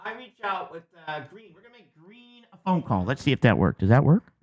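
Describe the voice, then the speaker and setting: Man from the US, channel host, casual explainer, lively swinging pitch, jokey, chatty. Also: brisk, lo-fi sound. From United States. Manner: joking, chatty, lots of restarts and "okay?" check-ins. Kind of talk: casual explainer, drawing on screen.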